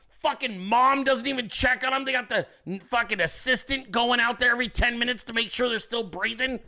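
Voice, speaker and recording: A man with a high, bright and gravelly voice rants as a political commentary host. He swears constantly and mocks people with sarcastic impressions. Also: a little fast. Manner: crude, sarcastic, mocking impressions. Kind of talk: profane ranting commentary.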